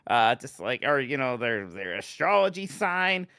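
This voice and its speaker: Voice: mid-range voice, sing-song, unhurried, creaky, clear, resonant tone, no echo, clean studio sound. A podcast host in casual, playful chat. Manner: playful, bursts into loud sung bits.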